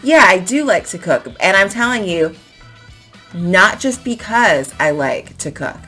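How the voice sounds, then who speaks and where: A woman's voice: mid-range voice, lively intonation, a little slow, bright, forceful tone, breathy edge, soft background music. A woman teaching English, explaining and emphatically modelling phrases to show intonation. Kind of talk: explaining to camera in a lesson.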